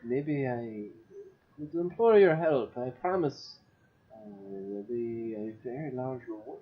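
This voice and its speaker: A man doing a smooth masked nobleman with a hammy put-on French accent, drawing his words out with courtly flattery. The audio is dull and lo-fi. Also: mid-range voice, a little slow, natural voice. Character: fancy masked Frankish nobleman, smooth and ingratiating.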